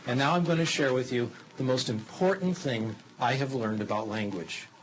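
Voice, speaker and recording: Addressing a TV audience, a male language-acquisition lecturer keeps his mid-pitched voice even while teaching with lively demonstration. He fires off rhetorical questions and shifts into plain, unhurried German to get his idea across, over a low hum on a poor-quality recording.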